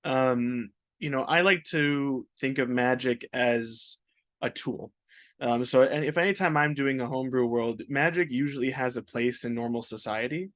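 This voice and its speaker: A man co-hosting a casual podcast, explaining his ideas in a measured, thoughtful way with frequent "um" pauses. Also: medium pitch, a bit bright, no echo, studio quality. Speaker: podcast co-host. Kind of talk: casual advice chat.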